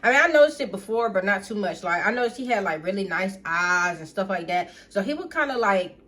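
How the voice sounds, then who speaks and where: Chatty woman telling a storytime. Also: mid-range voice. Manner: chatty, addresses viewers as y'all, blunt and profane; animated, reenacts others in quick asides. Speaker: storytime vlogger. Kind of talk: casual storytime to viewers.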